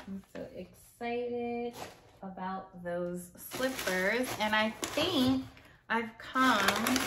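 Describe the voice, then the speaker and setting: A woman vlogger unboxing a subscription box, gushing and excitable, repeating how cute and exciting each item is. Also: mid-range voice, heavy background noise. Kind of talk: casual unboxing chat.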